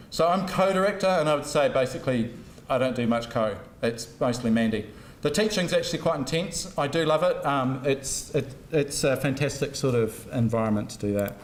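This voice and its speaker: A middle-aged man giving a humorous, anecdotal university lecture, self-deprecating and full of jokes. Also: fairly high pitch. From New Zealand. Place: lecture hall. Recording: roomy lecture hall sound.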